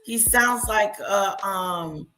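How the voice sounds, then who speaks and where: A woman's voice: medium pitch, very slow, bright, forceful tone, soft background music. A woman hosting a reaction stream, scornfully talking back at the clips she plays. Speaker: commentary streamer. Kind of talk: reaction commentary.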